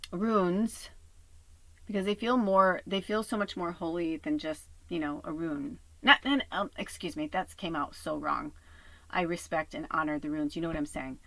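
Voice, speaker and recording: A woman with a lowish voice gives a casual spiritual reading from her tiny home RV. She talks in a chatty, earnest way, swears casually, and sometimes sinks to a hush. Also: no room sound, rough recording. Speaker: spiritual reader. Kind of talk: casual collective tarot reading.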